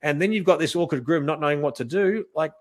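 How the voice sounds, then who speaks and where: A man teaching wedding photography in a casual, animated way, acting out what he says to couples and often restarting his sentences. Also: fairly high pitch, fast talker. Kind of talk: casual coaching talk.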